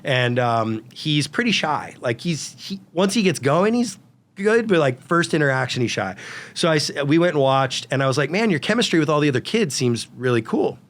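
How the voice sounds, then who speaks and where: A man in his forties, a guest on an interview show, telling animated stories full of quoted dialogue. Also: a little high, normal speed. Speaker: guest, real estate brokerage founder. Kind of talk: storytelling in a casual interview.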